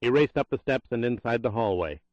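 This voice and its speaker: A man narrating a thriller audiobook in a tense, measured reading. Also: mid-range voice, animated, a little mellow, no echo, lo-fi sound.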